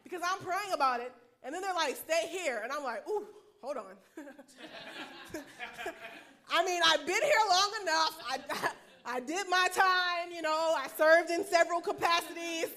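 A woman chaplain preaching a personal testimony to a congregation, talking fast and animated and laughing often. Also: extremely high pitch.

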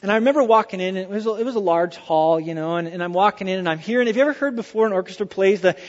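A male pastor preaching a sermon, telling a personal story in an animated way and dropping to hushed tones for effect. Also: sits high, rapid-fire, in a large hall, muffled recording.

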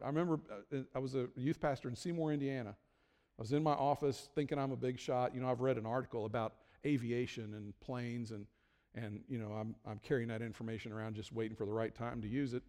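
A man's voice: medium pitch, fairly even intonation, fast talker, darkish tone. A male pastor delivering a sermon in a conversational, joking manner with many restarts. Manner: conversational, self-deprecating humor, frequent restarts. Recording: long hall reverb.

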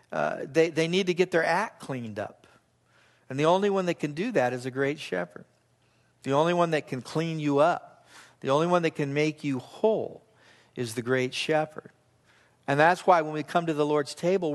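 A man preaching a sermon as pastor, earnest and emphatic, repeating key phrases and slowing down to read scripture aloud. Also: fairly high pitch.

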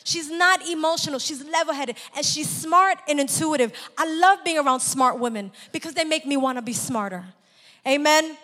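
A woman preaches a sermon with a high voice that carries through a large hall, and the room answers her with a long reverb. She calls out for amens and climbs into loud, shouted exhortation. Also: normal speed. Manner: call-and-response, rising to shouts.

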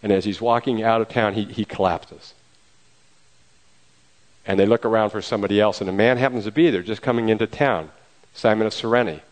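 A man preaching a storytelling sermon, retelling events in a lively way with acted quotes. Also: on the low side, brisk, pauses often, rough recording.

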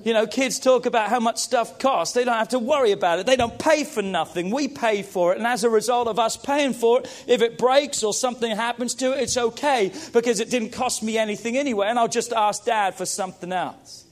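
A middle-aged man preaches with a high-pitched voice. He is emphatic, repeats key phrases and calls out to his listeners as he presses each point. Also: brisk, few pauses. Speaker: pastor. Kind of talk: sermon.

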